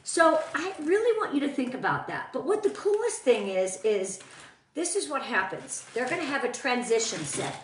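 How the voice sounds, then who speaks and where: A woman's voice: high voice, big pitch swings, normal speed, distant mic, slight background noise. A woman leading a casual live-stream training for her sales team, bubbly and chatty, greeting viewers by name as she shows products. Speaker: team leader of sales consultants. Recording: echoey room, voice off-mic.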